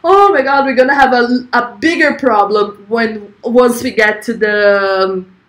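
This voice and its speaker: Woman, stream host, fairly high voice; chatty, giggly, stumbles and restarts. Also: measured pace, fairly bright tone. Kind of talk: casual live-stream chat.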